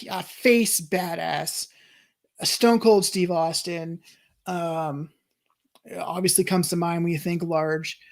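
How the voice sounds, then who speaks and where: Rambling let's-play streamer thinking aloud. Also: mid-range voice. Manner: rambling and thinking aloud, with frequent restarts and chuckles. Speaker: streamer playing a wrestling management game. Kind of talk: casual let's-play commentary, reading chat.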